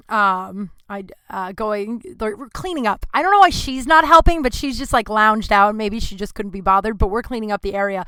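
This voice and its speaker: A woman in her thirties hosting a podcast, telling a rambling, profane story in a casual, animated way. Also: mid-range voice, normal speed, few pauses, clean tone, dry recording. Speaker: podcast host.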